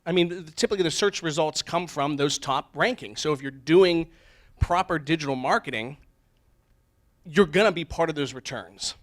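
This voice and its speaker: Man, panelist, joking, playful asides, fairly high voice. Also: moderate pace. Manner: joking, mimics voice assistants. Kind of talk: casual panel discussion.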